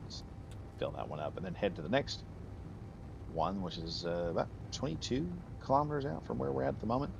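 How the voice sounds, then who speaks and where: A man's voice: fairly low pitch, a little fast, gravelly, highs cut off, background noise. A man streaming a game, chatting casually and rambling off on tangents with frequent laughs. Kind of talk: casual live gameplay commentary.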